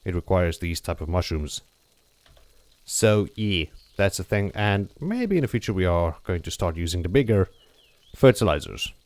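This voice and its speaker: Male gameplay host, slightly low voice, casual joking explainer, dry close-mic sound. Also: lively intonation, moderate pace, a little mellow, no room sound. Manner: chatty, jokey, explains step by step with frequent "okay?".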